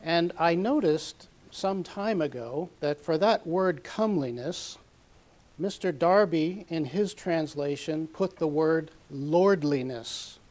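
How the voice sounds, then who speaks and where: A man teaching a sermon from a Bible passage, measured and methodical, reading scripture aloud with emphasis. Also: fairly high pitch, animated, a little mellow. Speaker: preacher.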